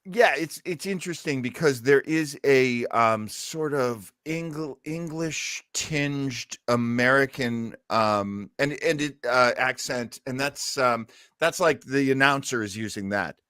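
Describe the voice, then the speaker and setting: A man hosting a casual podcast chat, explaining things in a musing way and pausing often to find his words. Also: mid-range voice, a bit bright, clear, resonant tone, no echo, studio quality. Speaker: podcast host. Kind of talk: casual chat about old radio.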